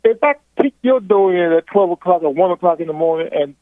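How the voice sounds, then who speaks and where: High-voiced Southern man on the phone. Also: expressive, a little fast. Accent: Southern American. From Virginia. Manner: insistent, repeats himself to hold the floor. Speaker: caller. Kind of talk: heated phone call. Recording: tinny phone line.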